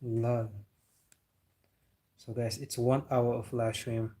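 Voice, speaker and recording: Speaking slowly in a dark, medium-pitched voice with little pitch movement, this Senegalese man hosts a football livestream. The talk is casual: he laughs, chats, and replies to viewers' comments.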